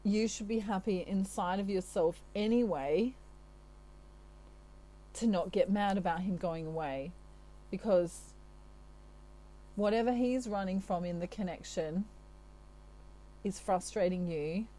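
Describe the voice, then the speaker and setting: A woman's voice: medium pitch, unhurried, pauses often, mellow, rough recording. A woman from Australia giving a channelled tarot reading in a chatty, reassuring way, with many asides. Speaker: tarot reader.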